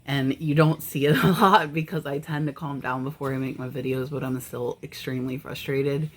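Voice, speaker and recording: A woman's voice: rumbling low, steady tone, normal speed, slight background noise. A woman reseller chatting casually on her vlog, frank and easily exasperated. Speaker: eBay reseller.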